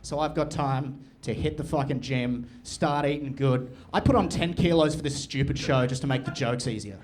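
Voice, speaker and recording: A young man doing crude, deadpan, absurd stand-up storytelling on a comedy club stage. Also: medium pitch, normal speed. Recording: live venue, room noise and audience.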